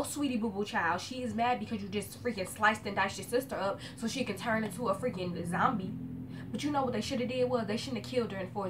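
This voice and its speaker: A young woman vlogging casually, dramatic and slangy, swinging from hushed murmurs to loud outbursts. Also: medium pitch, noisy background. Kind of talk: casual vlog rant.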